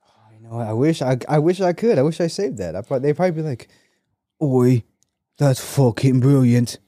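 A man's voice: fairly high pitch, animated, quick pace, warm tone, no room sound, studio quality. A man co-hosting a podcast in casual chat, crude and joking, laughing often. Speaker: podcast co-host.

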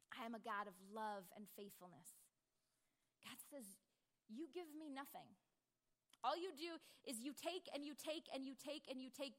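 A woman preaching a sermon, earnest, dropping to a hush and then rising to emphatic peaks. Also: high voice. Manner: earnest, swings between hushed and emphatic.

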